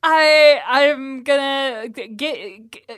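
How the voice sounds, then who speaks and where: A woman's voice: fairly high pitch, animated, a little slow, fairly bright tone. A young woman from Illinois co-hosting a podcast in casual chat, rambling and laughing often. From Illinois, USA. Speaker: podcast co-host. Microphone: studio podcast mic.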